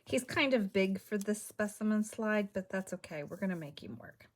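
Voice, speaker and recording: A woman's voice: mid-range voice, lively intonation, moderate pace. A woman hosting a crafting video, chatting casually and half-muttering to herself as she works at home.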